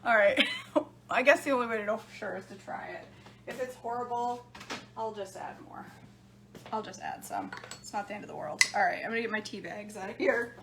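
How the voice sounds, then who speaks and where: A woman's voice: medium pitch, quick pace, vocal fry, noisy background. A middle-aged woman chatting casually in her home kitchen as she makes drinks, laughing often and talking to her live viewers. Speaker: home cooking vlogger. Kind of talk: casual chat while making drinks.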